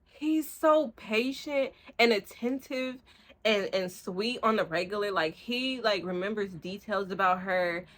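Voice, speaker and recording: Gushing young woman, bright and excitable. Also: medium pitch, unhurried. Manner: gushing, excitable, heavy with fillers and slang. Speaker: book reviewer. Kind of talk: casual rambling book review. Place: room at home, street outside.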